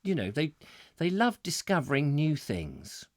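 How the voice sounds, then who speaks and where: A middle-aged man hosts a comic chat show, telling stories and acting out little voices. His pitch swoops and bounces all over, and the sound is dry and close. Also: measured pace, dry recording. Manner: lively storytelling, acting out voices with laughs. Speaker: host.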